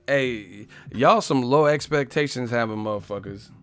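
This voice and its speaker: A man's voice: medium pitch, measured pace, a bit bright. A male live-stream host rants with biting sarcasm in a mid-range voice. Faint music runs underneath his talk. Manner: sarcastic, ranting.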